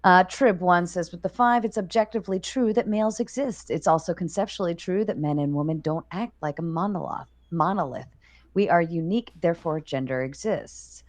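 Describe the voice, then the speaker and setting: A woman with a fairly low voice moderating a live stream. She reads viewer messages aloud in a dry, wry way. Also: a little fast. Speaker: moderator reading super chats.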